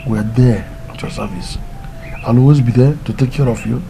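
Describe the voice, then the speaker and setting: A man's voice: medium pitch, brisk, gravelly, dark tone, soft background music, lightly acted, low-quality recording. A man with a Nigerian accent playing a fatherly uncle who consoles his late brother's children. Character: caring middle-aged uncle, steady.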